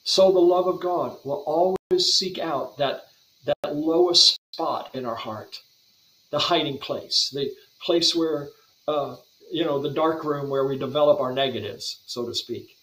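A man's voice: on the high side, measured pace, a bit bright, echoey room, low-quality recording. A man appearing as a guest Bible translator on a podcast, giving an earnest, flowing devotional teaching and often repeating words as he restarts phrases.

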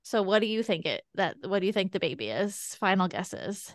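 A woman's voice: medium pitch, sing-song, moderate pace, no echo, clean studio sound. A woman in her thirties, co-hosting a podcast, telling a personal story in a chatty way full of "like". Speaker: podcast co-host. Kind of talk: casual chat.

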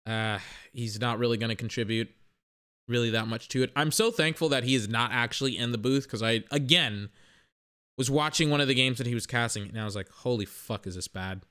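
A man's voice: medium pitch, a little fast, pushed and bright, clean tone. A young man in a casual, rambling sports rant that is profane and full of self-corrections.

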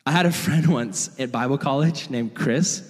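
A young man preaching a storytelling sermon as a youth pastor, animated and casual with frequent laughs. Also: medium pitch, moderate pace. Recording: long hall reverb.

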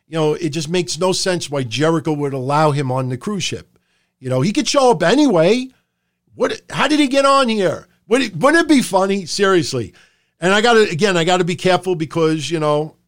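A middle-aged man hosting a live stream, talking in a loose, rambling and profane way from a room at home. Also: fairly high pitch. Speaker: podcast host. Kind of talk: casual live-stream commentary. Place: home room under hot lights.

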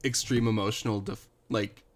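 A man's voice: fairly low pitch, fairly even intonation, moderate pace. A man co-hosting a podcast, recapping a TV show in casual chat, rambling along with lots of "like" and the odd sigh. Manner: rambling, with frequent "like" fillers and sighs. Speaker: podcast co-host.

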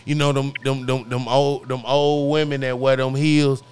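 A man's voice: medium pitch, little pitch movement, normal speed, a little mellow, clear, resonant tone. Stammering, laid-back male podcast host. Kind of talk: casual podcast chat.

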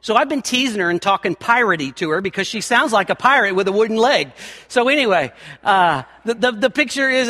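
A man preaching a sermon as pastor of his church, emphatic, climbing in pitch and force as he presses his points. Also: expressive, brisk, sharp tone, big-room sound. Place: church sanctuary.

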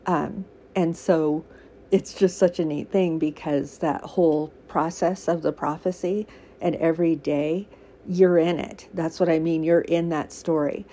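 A woman's voice: sits low, steady tone, a little slow, dark tone. A woman giving a casual, earnest devotional talk to listeners, emotional and teary, with many fillers and frequent laughter. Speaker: faith podcaster.

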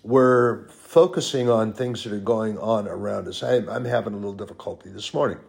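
A man preaching a sermon, stressing points with repeated lists and drawn-out words. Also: lowish voice, creaky, a little mellow.

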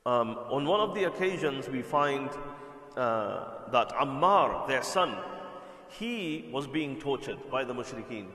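A man's voice: medium pitch, lively intonation, unhurried, pushed and bright. A man telling a religious story in a conversational lecture style, repeating words and checking in with his listeners. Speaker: Islamic preacher. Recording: echoey hall with long reverb.

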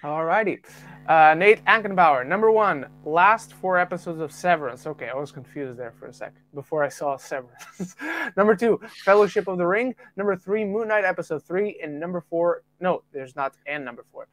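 A man from the UK hosting a casual podcast, reading out listener rankings with quick jokey asides. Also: sits high, animated, fairly bright tone. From United Kingdom. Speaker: podcast host.

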